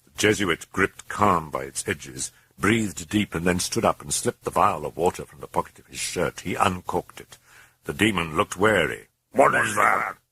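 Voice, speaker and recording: A man's voice: low voice, lively intonation, moderate pace, bright, forceful tone, husky, no room sound. A man narrating a horror novel aloud in an intense, brooding way. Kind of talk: dramatic horror audiobook narration.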